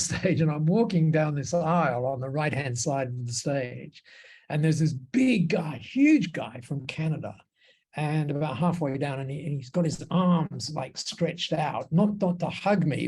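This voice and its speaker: A man, a podcast guest, telling long anecdotes in an interview, with many restarts and quick laughs. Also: on the high side, animated, a little mellow, breathy edge.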